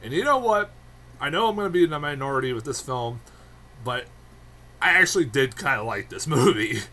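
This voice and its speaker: Bright-voiced man ranting about a film. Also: medium pitch, lively intonation, brisk. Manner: profane, rambling, laughs often. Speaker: film reviewer. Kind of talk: casual film review.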